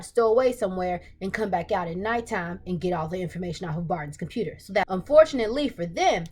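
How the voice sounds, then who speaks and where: Excited woman recapping a TV episode. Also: on the high side. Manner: excited, animated retelling with acted-out reactions. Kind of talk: casual recap vlog.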